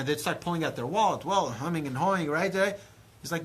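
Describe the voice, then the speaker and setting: A man in his thirties, a rabbi giving a lively Torah lecture, acting out dialogue with big swings in pitch and loudness. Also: fast, a little hiss or hum. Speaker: rabbi teaching a class.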